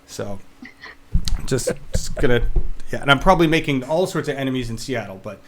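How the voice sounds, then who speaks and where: Man, co-host, animated, jokey, opinionated, casual web chat. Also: mid-range voice, brisk, noisy background. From Oregon. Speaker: show co-host.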